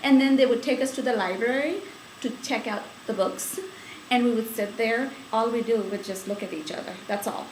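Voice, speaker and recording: A woman's voice: fairly high pitch, moderate pace, reverberant, slight background noise, low-quality recording. A woman from India, recalling her school days in an oral history interview, chatty and laughing often. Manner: chatty, laughing storyteller with many fillers.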